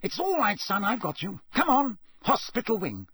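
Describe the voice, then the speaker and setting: Man putting on a big strong man, coaxing, insistent, pitched high, husky, dry audiobook sound. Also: big pitch swings, normal speed, a bit bright, dry recording, heavily acted. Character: large, strong grown man, gruffly coaxing. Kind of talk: audiobook character voice.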